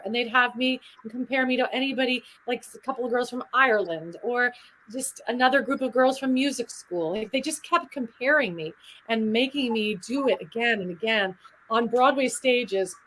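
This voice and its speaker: A middle-aged woman tells stories with an animated, chatty energy. Her voice is bright and a little high. She drifts between topics as she talks. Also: fairly quick, low-quality recording. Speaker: guest performer. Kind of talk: lively interview storytelling.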